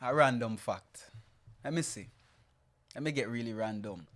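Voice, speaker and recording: A young Jamaican man co-hosting a casual podcast chat, easygoing and quick to laugh. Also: medium pitch, a bit bright. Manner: easygoing, laughs often, thoughtful. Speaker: podcast co-host.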